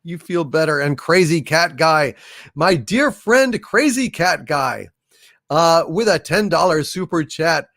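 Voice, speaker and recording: A man's voice: on the high side, animated, gravelly, fairly bright tone, no echo, studio quality. A man hosting a casual livestream, hailing and thanking viewers by name as he reads their messages aloud. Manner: hails and thanks viewers by name, drawn-out unhurried delivery. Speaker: livestream host.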